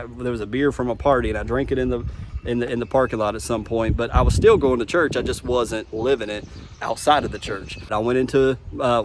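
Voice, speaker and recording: A man's voice: mid-range voice, slight background noise. A man telling his personal testimony in a vlog, speaking earnestly and from the heart, often restarting his sentences. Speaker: vlogger.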